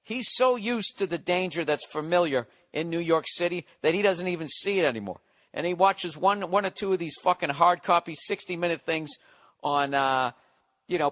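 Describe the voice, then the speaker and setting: A man's voice: a little high, a bit bright, no echo, studio quality. Profane ranting comedian man. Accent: Boston. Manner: profane, ranting, mocks a nervous friend. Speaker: podcast host and comedian. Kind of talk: comedic storytelling monologue.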